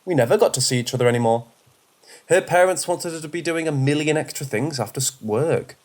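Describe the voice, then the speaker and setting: A man reading first-person horror stories aloud in a steady, measured way. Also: on the high side. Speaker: horror story narrator. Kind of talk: scripted first-person narration.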